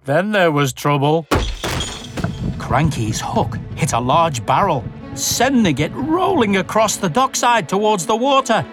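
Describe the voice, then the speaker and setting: A woman reading a children's storybook aloud in an expressive, animated way. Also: on the low side, unhurried, over music.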